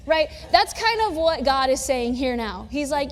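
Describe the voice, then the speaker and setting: Young woman preaching casually, high voice, long church echo. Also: very animated, measured pace, slight background noise. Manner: casual, conversational storytelling with humor. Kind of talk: sermon.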